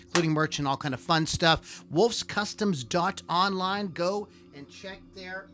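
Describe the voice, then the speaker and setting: A man's voice: sits high, measured pace, a bit bright. A man hosting a live podcast in casual, jokey chat, rambling and correcting himself as he goes. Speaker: podcast host. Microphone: desk mic with camera.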